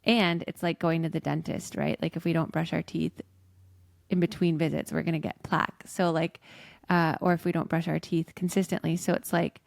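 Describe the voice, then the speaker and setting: A woman's voice: low-pitched, flat delivery, moderate pace, vocal fry, dry recording, clean studio sound. A woman coach talking casually as a podcast guest, chatty and full of "like" fillers.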